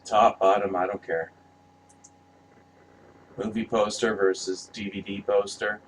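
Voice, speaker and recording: A man's voice: on the low side, flat delivery, measured pace, a little hiss or hum, rough recording. Passionate, swearing man ranting casually. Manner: passionate, swears a lot, rambling with restarts. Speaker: vlogger reviewing movie posters.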